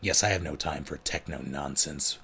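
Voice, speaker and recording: A man's voice: extremely low pitch, normal speed, gravelly, pushed and bright, slight background noise, exaggerated voice. A man voicing a blunt, macho male action hero who speaks in terse, broken phrases. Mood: gruff.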